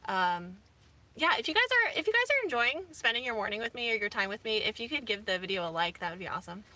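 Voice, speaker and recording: Bright-voiced chatty woman in her thirties. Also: a little high, sing-song, fast. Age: 30s. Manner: chatty and rambling, many fillers. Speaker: vlogger. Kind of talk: casual chat. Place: inside her camper van.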